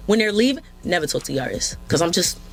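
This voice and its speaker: A woman guest in a casual interview, telling stories in an animated way and acting out quotes. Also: lowish voice, fast talker, creaky. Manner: animated, acts out quotes with lots of "yo". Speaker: interview guest, film director and photographer.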